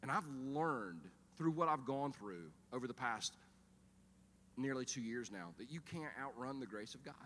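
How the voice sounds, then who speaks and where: A middle-aged man preaching a sermon as pastor, telling stories in an animated, humorous way. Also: mid-range voice, moderate pace, slight background noise. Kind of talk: sermon with storytelling. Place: church auditorium. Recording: reverberant church hall.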